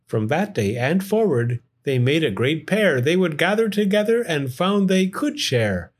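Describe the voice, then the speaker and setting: A man reading a rhyming children's picture book aloud in an expressive, sing-song way. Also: on the high side, measured pace, few pauses, husky. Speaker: storyteller. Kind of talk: storybook read-aloud in rhyme.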